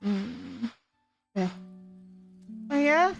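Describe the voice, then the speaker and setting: A woman's voice: medium pitch, lively intonation, slow, long pauses, fairly bright tone, soft background music. A woman streamer doing giggly, playful improvised role-play, stumbling over made-up fantasy names.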